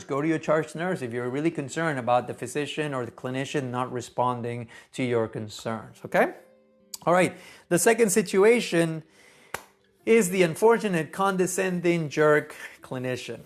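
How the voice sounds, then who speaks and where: A man, a neonatologist, giving earnest, conversational teaching advice in a gentle tone. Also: fairly high pitch. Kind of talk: casual teaching talk.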